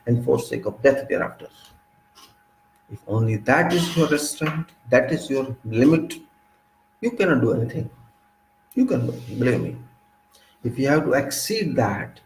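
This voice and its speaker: Indian English man, mid-pitched, preachy monologue, roomy echo with a faint hum. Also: a little mellow. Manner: preachy, emphatic, rhetorical questions, sudden pitch jumps. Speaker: speaker of a commentary channel. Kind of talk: lecturing monologue.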